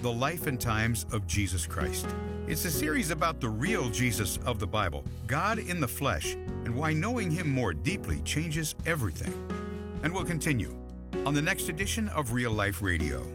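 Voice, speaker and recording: A male announcer closes the radio program with a smooth, friendly read. His voice moves lively up and down, and loud music plays underneath. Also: medium pitch, moderate pace. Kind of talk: scripted program outro.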